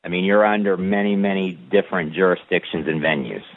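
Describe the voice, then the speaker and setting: A deep-voiced man reads a formal declaration in a slow, deliberate recitation, listing one phrase after another. His voice comes through a thin, tinny line that sounds like call-in radio. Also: dry recording. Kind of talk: reading a formal declaration aloud.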